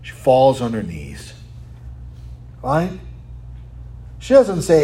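A man preaching a sermon, asking rhetorical questions and tagging lines with "right?", sometimes dropping to a quiet, almost whispered tone for emphasis. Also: mid-range voice, wildly swooping pitch, extremely slow. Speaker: pastor.

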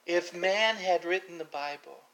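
A middle-aged male pastor preaching a sermon, building to loud impassioned passages with frequent restarts. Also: high voice, measured pace, low-quality recording.

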